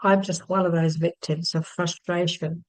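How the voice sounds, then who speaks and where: A woman teaching emotional tapping, repeating calm affirmations and then talking chattily with fillers and little laughs. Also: on the low side, normal speed, rough recording. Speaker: EFT healing teacher. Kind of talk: guided tapping session and casual talk.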